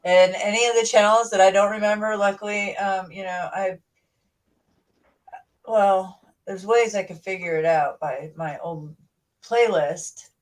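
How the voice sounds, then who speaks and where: Heard from a distance, slightly off-mic, this woman speaks at a medium pitch with a steady tone and measured pace. She's hosting a livestream, chatting loosely, rambling and cutting herself off.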